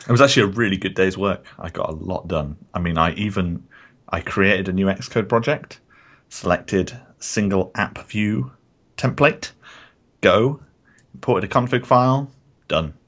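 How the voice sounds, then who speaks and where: A man co-hosting a casual podcast, telling stories and making jokes in a dry, deadpan way. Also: low-pitched, unhurried. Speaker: podcast co-host. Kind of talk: casual chat.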